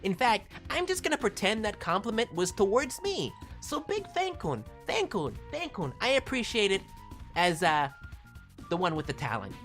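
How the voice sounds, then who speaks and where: A woman's voice: medium pitch, very animated, normal speed, fairly bright tone, faint music behind. A woman streamer chatting casually and playfully with her viewers, teasing and joking as she talks. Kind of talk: casual live-stream chat.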